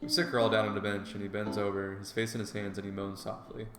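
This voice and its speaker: Man reading a game aloud, low voice. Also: flat delivery, fast. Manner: casual, joking asides. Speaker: game player and narrator. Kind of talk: reading a visual novel aloud. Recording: echoey room, soft guitar music.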